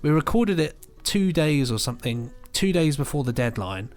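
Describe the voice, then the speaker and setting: A man's voice: fairly high pitch, animated, normal speed, darkish tone, faint music behind. A young man co-hosting a podcast, chatting casually and rambling with lots of restarts and fillers. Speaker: podcast co-host. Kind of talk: casual chat.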